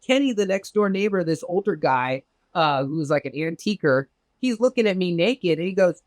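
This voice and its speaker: A man from Southern California spins a personal story for an interviewer, loose and profane, leaping up in pitch whenever he acts out what someone said. His voice sits a little high, and the recording is dry and close with no room sound. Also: moderate pace, dry recording. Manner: animated, profane, acts out quoted exchanges with big pitch jumps. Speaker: interview guest recounting a UFO experience. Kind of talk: casual storytelling.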